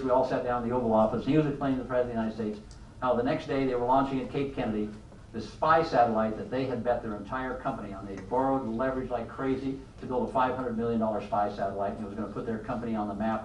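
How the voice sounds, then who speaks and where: An older man giving a motivational leadership talk to a live audience, an animated storyteller who keeps asking the room questions. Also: mid-range voice, reverberant, recorded from a distance, a little hiss or hum, poor audio. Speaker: leadership speaker.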